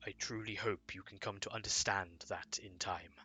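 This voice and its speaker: A man narrating a tabletop game as game master, in measured storytelling. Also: low voice, fairly even intonation, pushed and bright, slightly rough.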